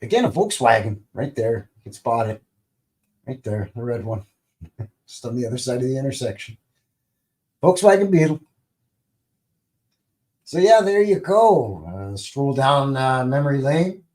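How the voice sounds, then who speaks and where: A man's voice: mid-range voice, expressive, moderate pace, darkish tone. A man in his fifties hosting a casual live stream, commenting on old TV clips in a rambling way with joking asides and lots of fillers. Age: 50s. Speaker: channel host.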